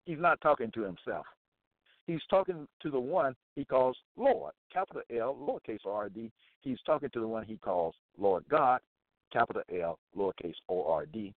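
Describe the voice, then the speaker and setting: Guy preaching bible verses slow and emphatic, sounds like over a phone, dead dry. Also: mid-range voice, expressive, no room sound, narrow, tinny audio. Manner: repetitive, emphatic, deliberate. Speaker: Bible teacher.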